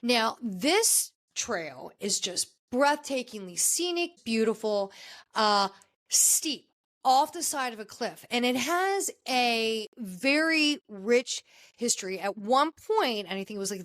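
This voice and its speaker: A woman podcast host telling a news story in casual commentary, with fillers, restarts and lively emphasis. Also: fairly high pitch.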